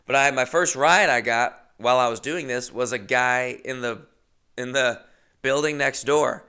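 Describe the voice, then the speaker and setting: A young man telling comic stories in an animated, jokey, chatty way. His voice is gravelly yet bright, and it comes across crisp and clear. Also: medium pitch, normal speed. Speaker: comedian host. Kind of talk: comedic storytelling monologue.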